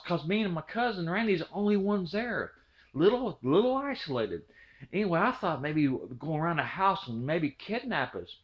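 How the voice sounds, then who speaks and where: A man's voice: high voice, sing-song, normal speed. A man in his fifties from Ohio telling a childhood story in a rambling, folksy way, with many restarts. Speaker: storyteller, channel host. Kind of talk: casual spoken storytelling. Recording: dull lo-fi recording.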